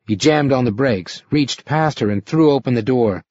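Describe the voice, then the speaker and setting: A man narrating an audiobook in an expressive, dramatic reading style. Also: mid-range voice, normal speed, hardly any pauses, no echo. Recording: slightly muffled recording.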